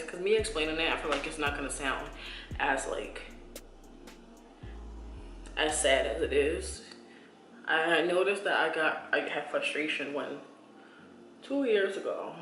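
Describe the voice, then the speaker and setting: A young woman in her twenties talks straight to her viewers in a casual, rambling way, circling back and restarting as she confides. Her voice comes across bright and forward. The room rings with echo, and soft music plays underneath. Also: sits low. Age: 20s. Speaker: beauty vlogger. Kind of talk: casual chat.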